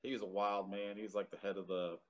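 A man's voice: on the low side, flat delivery, fast talker. A man in his thirties, a Marine veteran, telling his story in a casual interview with many fillers and some cursing.

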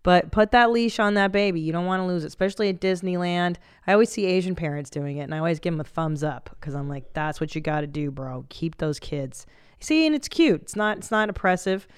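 Low, smooth-voiced woman hosting a podcast. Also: lively intonation, dry recording, clean studio sound. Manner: blunt, profane, quick reactions. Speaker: podcast host. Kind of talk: casual chat.

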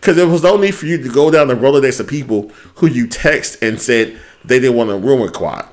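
A man's voice: mid-range voice, fairly quick. A man co-hosting a casual podcast, ranting with lots of profanity and quoting people in put-on voices. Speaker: podcast co-host. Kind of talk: casual chat.

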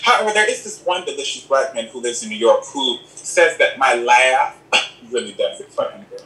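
A man speaking as an interview guest in a casual, sassy, animated chat, calling the listener "girl". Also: medium pitch, moderate pace. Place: home in Los Angeles. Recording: echoey room, distant from the mic.

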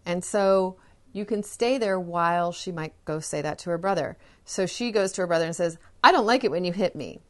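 Solo parenting podcaster, woman, mid-pitched, patient explainer who acts out quick kid lines. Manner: acts out children's lines in example scenarios.

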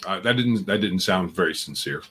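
Lower-voiced older man, frank and teasing. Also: fairly quick, a bit bright, breathy edge. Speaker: podcast co-host. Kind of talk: casual livestream chat.

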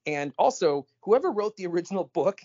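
A man co-hosting a podcast in casual chat, animated and emphatic, often cutting in. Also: high-pitched. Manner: animated, emphatic, quick to interrupt. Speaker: podcast co-host. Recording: slightly dull lo-fi audio.

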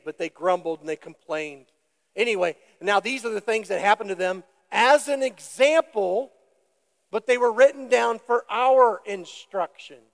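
Slow, high-voiced preaching man in reverb. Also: vocal fry. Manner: deliberate, emphatic preaching with questions to the congregation. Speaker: pastor. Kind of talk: sermon.

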